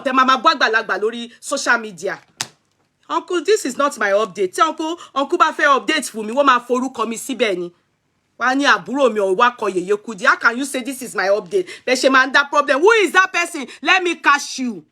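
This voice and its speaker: A young Nigerian woman with a Yoruba-speaking accent hosts a gossip livestream. She scolds her viewers in an animated way and mixes Yoruba and English as she talks. Her voice is high and bright. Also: quick pace. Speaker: gossip show host.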